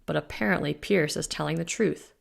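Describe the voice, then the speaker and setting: A woman reading an audiobook voices a young male werewolf who rumbles his words with a wry edge. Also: brisk, creaky, full character voice.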